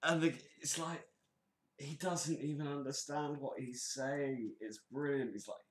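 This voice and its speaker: A man's voice: medium pitch, steady tone, measured pace. A man co-hosting a casual chat show, crude and mocking, who often quotes others in put-on voices. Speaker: podcast co-host. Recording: roomy echo.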